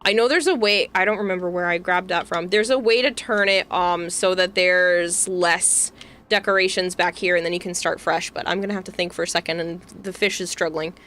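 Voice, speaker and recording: A woman's voice: on the low side, steady tone, a little fast, fairly bright tone. A young woman from Massachusetts with a Boston accent, chatting casually with her livestream audience as a VTuber streamer, giggling often. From Massachusetts, USA. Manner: giggly, chatty, reads and answers chat.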